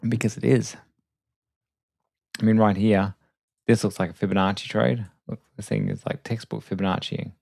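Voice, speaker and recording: A man hosting a live trading stream late at night, talking quietly and casually with self-deprecating asides. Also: on the low side, fairly even intonation, moderate pace, creaky, long pauses, no room sound. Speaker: trading livestream host. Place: home desk at night. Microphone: desk microphone.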